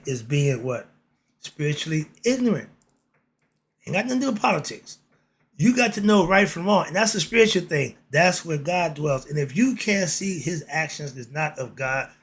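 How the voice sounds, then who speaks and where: A man's voice: on the high side, vocal fry, fairly bright tone, breathy edge. A man hosting a casual political monologue, blunt and streetwise, asking himself "why?" and answering. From United States. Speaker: commentary channel host.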